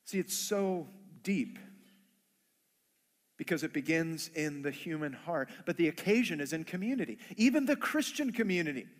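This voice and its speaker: A man's voice: fairly high pitch, animated, moderate pace, in a large hall. A man preaching a sermon who acts out everyday conversations in playful voices. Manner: acts out dialogue in funny voices. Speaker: pastor.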